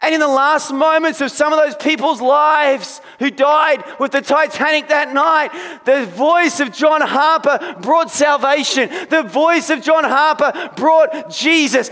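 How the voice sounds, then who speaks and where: A man preaching a sermon to his church, building to shouted passages and dropping back to quieter storytelling. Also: very high-pitched, big-room sound. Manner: preaching with rising intensity, sometimes shouting. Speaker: pastor. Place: church sanctuary.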